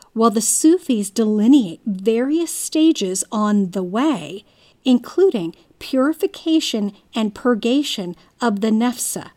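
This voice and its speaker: A woman narrates from a script at an unhurried pace. Her voice sits a little high, and every phrase is set out with measured care. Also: a little mellow.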